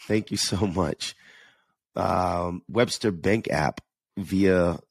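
A man's voice: sits low, drawn-out words, creaky, husky, no echo. A man with a New York–New Jersey accent hosting a casual solo podcast, chatty and earnest, often restarting and repeating words. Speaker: podcast host.

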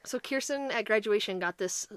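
A woman's voice: medium pitch, normal speed, smooth, no room sound. A woman co-hosting a casual chat, telling a story with a lot of swearing and acted-out quotes. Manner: animated, swearing, acts out quotes. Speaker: podcast co-host.

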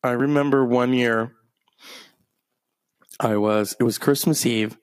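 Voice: medium pitch, steady tone, slow, clear, resonant tone, dry recording. A streamer rambling through a profane, meandering story in a casual monologue.

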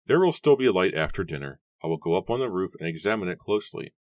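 A man voicing a good-natured young husband who talks calmly and reassuringly. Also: low-pitched, fast talker, no room sound, voice pushed up. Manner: calm, reassuring, lightly teasing.

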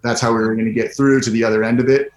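A man's voice: mid-range voice, little pitch movement, rapid-fire. A man from Southern California talking easygoingly as a guest on a video call, with many "like"s and "you know"s. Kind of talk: casual chat over a video call. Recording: roomy video call audio.

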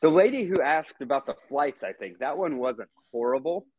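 A man's voice: a little high, lively intonation, normal speed, muffled recording, crowd noise. A man co-hosting a podcast, talking in an easygoing, rambling way with filler words. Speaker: podcast co-host. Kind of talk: casual podcast chat.

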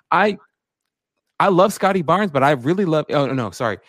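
A man's voice: fairly high pitch, quick pace, dry recording. Podcast guy going on and on, super hyped, says like and bro a lot, dry close mic. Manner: excitable, rambling, frequent "like" and "bro". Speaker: podcast co-host. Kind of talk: casual sports podcast chat.

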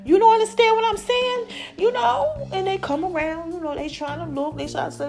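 Brief: high-voiced woman host, chatty monologue, faint music under. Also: darkish tone. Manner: chatty, drawn-out, affectionate asides. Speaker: podcast host. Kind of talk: casual podcast monologue.

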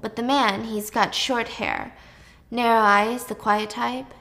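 A woman's voice: fairly even intonation, takes it slowly, a bit bright. Chatty woman retelling a drama. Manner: chatty, acts out dialogue with raised pitch. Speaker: drama recap narrator. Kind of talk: casual storytelling recap.

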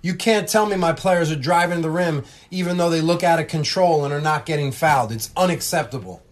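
A man's voice: on the high side, fairly quick, voice pushed up, natural voice. A man voicing an irate male basketball coach who complains to the referee, pushy and raised. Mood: complaining.

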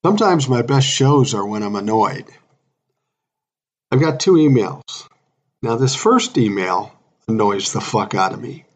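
A man's voice: medium pitch, lively intonation, unhurried, pauses often, husky. A man in his sixties hosting a solo podcast, talking bluntly and irritably, swearing often. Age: 60s. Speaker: podcast host.

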